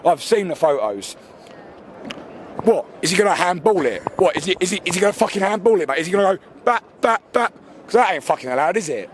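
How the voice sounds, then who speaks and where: A man's voice: high-pitched, very animated, fast talker, slight background noise. A man, ranting furiously and swearing as a football fan outdoors after a match. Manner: furious, sweary, shouting over himself. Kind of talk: angry fan rant.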